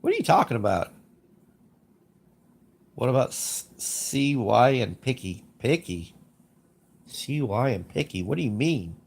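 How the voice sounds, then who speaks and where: Chatting on a livestream with a blocked nose from congested sinuses, a man reads chat, wanders off topic, repeats himself and gives frank opinions. His mid-range voice is gravelly and sing-song, unhurried, with long pauses.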